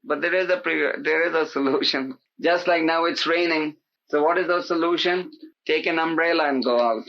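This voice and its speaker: A man giving an animated sermon as a spiritual teacher, emphatic and pleading, acting out the voices he quotes. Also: on the high side, normal speed, vocal fry. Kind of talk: sermon to a live gathering. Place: indoor hall with an audience. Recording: dull lo-fi tape recording.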